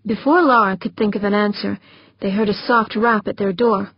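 A woman's voice: medium pitch, fairly even intonation, normal speed, husky, no echo, highs cut off. A woman reading a novel aloud as an audiobook narrator, voicing the characters as she goes. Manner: voices characters with rising intensity.

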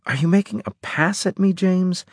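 A man's voice: a little high, normal speed, no room sound, clean studio sound, voice pushed up, lightly acted. A patient, firm woman doctor, as a man puts her on.

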